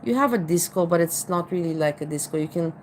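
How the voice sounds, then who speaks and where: An Austrian-accented woman chats in a loose, rambling way, circling back and repeating herself as she talks. Her voice sits a little low, and there is a faint hiss under the recording. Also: quick pace, a little mellow, low-quality recording. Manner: rambling, with many restarts and repeated "you know". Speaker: vlogger. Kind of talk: casual chat.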